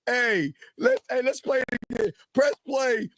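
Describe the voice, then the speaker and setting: A man hosting a casual reaction podcast, ranting in a loud, crude and animated way. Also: extremely high pitch, unhurried, a little hiss or hum. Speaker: podcast host.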